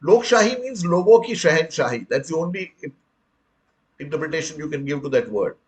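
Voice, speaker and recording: A man's voice: on the high side, expressive, fast talker, poor audio. An older man from India with an Indian English accent, giving a public lecture in an earnest, emphatic way and addressing listeners as friends. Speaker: speaker on the right to information, retired commissioner.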